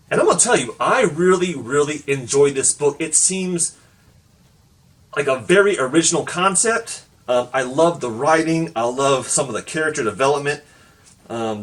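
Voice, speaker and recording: A man's voice: fairly high pitch, recorded from a distance. A man giving a casual comic book review, talking loosely with lots of fillers and laughing along as he retells the story. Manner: loose and chatty, many fillers.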